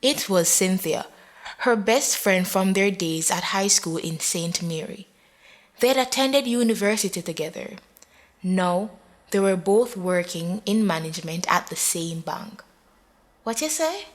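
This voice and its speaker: A woman narrating an audio story in a measured, dramatic way. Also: fairly low pitch.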